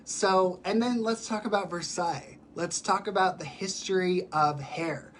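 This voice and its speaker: A man who performs in drag, chatting casually on a live stream while sick, with a raspy voice and many fillers. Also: sits high, measured pace, fairly bright tone, a little hiss or hum. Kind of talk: casual livestream chat. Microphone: phone or webcam for a live stream.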